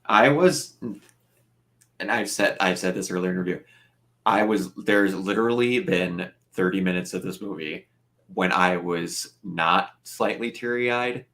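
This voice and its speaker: A male host of a film review chat with a bright, forceful tone. He talks in an excitable, emotional rush and drops swear words as he goes. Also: deep voice, measured pace.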